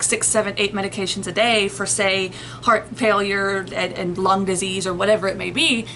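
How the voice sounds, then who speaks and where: A woman's voice: medium pitch, sharp tone, a little hiss or hum, low-quality recording. A woman explaining things to her viewers in a casual, rambling way, restarting her sentences and reaching for everyday comparisons. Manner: rambling, conversational, frequent restarts and analogies. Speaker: host explaining sleep and nightmares.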